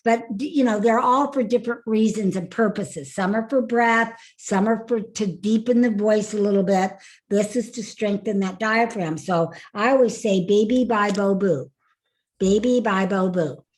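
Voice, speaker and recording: A woman's voice: mid-range voice, normal speed. A woman coaching a group through voice and face exercises in an online workshop, upbeat and laughing often. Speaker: speaking coach. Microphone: video call.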